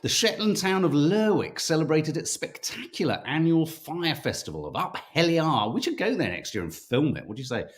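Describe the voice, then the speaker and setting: A man's voice: fairly high pitch, sing-song, moderate pace, hardly any pauses. A chatty man from the United Kingdom hosting a casual live-stream quiz. His voice swings widely up and down as he reads out questions and laughs at his own slips over names. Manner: chatty, self-mocking, stumbles over names. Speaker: podcast co-host running a viewer quiz.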